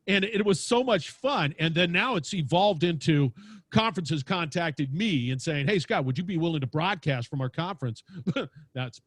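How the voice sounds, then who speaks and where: A man with a big booming voice telling stories animatedly as a podcast guest, acting out quotes as he talks. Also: animated, moderate pace, a bit bright, no room sound, studio quality. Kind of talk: lively storytelling interview. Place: home studio with lights.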